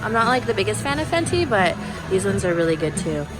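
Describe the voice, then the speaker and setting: A woman vlogging from a shopping mall, telling a story in a chatty, animated way with many "like" fillers. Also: mid-range voice, quick pace, music in the background. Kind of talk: casual storytime chat.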